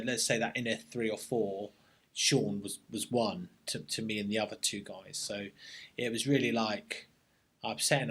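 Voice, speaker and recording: A man, an army veteran and guest, telling a story in a relaxed interview, reflective and full of army slang, often restarting his sentences. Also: on the low side, husky.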